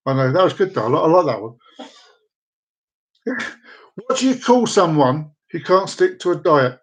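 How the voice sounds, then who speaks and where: Host, male, high-pitched voice, chatty and rambling, cracking corny jokes on a home live stream. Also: poor audio. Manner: jokey, rambling, repeats himself. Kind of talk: casual live-stream chat. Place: downstairs room at home with dogs.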